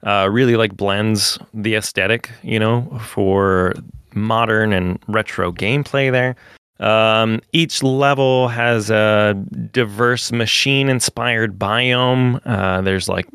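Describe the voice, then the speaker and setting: A man's voice: on the low side, fairly even intonation, slow pace, a bit bright, clean tone, dry recording, clean studio sound. A man on a podcast, reviewing a game in a loose, casual way with lots of "uh" fillers. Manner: loose, filler-heavy, "uh" between phrases.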